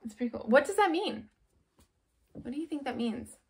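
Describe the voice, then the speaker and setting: A young adult woman running a children's church lesson, reading a story and then quizzing the children. Her voice sits fairly high and she keeps it bright and upbeat. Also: lively intonation, normal speed, creaky, a little hiss or hum, low-quality recording. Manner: upbeat, asking children questions. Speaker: children's ministry leader.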